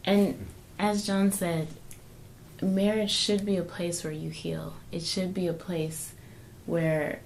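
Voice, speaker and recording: A woman co-hosting a faith-based marriage talk with her husband, speaking in a measured, preaching cadence. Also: lowish voice, fairly even intonation, vocal fry, a little mellow, slight background noise, rough recording. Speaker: co-host, wife.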